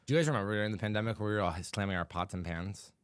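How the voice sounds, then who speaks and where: A man's voice: on the low side, rapid-fire, clean tone, no echo, studio quality. A man in casual podcast banter as a guest comedian, laughing often and rambling with restarts.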